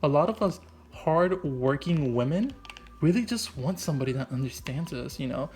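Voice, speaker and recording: A man's voice: on the high side, lively intonation, moderate pace, a little mellow. A man doing an improvised comic voice-over, rambling and goofy, packing his talk with "like" and "right?". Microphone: voice-over mic.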